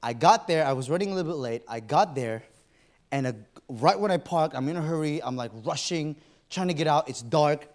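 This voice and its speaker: Man, preacher, church sermon, animated storytelling, acts out his own thoughts, fairly high voice. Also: fairly quick. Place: church auditorium.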